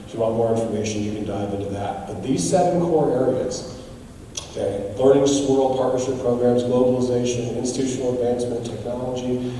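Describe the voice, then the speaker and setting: A man from the United States giving a keynote speech, telling stories in an animated, emphatic way. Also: mid-range voice, brisk, a little hiss or hum. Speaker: guest speaker. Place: large hall. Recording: echoey hall, distant mic, faint ambience.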